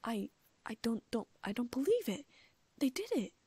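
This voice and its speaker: A woman's voice: fairly high pitch, big pitch swings, moderate pace, darkish tone, slightly rough, no echo, voice pushed up, full character voice. A woman voicing an anxious, clever teenage witch near tears in a storybook reading, breathless and whispering. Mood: frantic.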